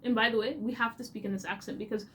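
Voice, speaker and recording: A young woman with a Canadian accent, telling stories in a casual, animated, chatty way as a vlogger. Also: a little high, rapid-fire. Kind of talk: casual storytelling.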